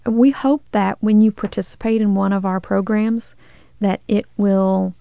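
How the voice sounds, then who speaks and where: Gravelly flat-voiced woman guest. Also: medium pitch, a little slow, no echo, clean studio sound. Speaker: nonprofit director, guest. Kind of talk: radio interview.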